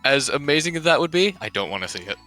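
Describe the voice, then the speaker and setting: A man on a podcast panel giving quick opinions. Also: a little high, very animated, pushed and bright, faint music behind. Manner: quick, with short laughs. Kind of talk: casual podcast chat.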